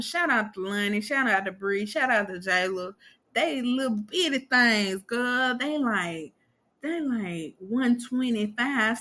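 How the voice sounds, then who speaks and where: A woman's voice: fairly high pitch, bright, forceful tone. A woman in her twenties hosting a podcast, talking straight to her listeners in a blunt, profane, emphatic monologue. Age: 20s. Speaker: podcast host.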